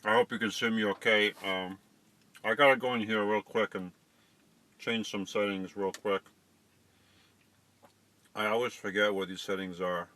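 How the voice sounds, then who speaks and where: A man's voice: fairly low pitch, steady tone, normal speed, long pauses, sharp tone. A middle-aged man hosting a casual live stream, chatting to viewers and fumbling with settings.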